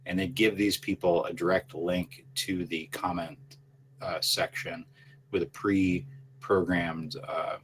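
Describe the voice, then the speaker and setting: A man talking casually on a podcast, rambling and swearing, often trailing off quietly. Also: sits low, a little hiss or hum.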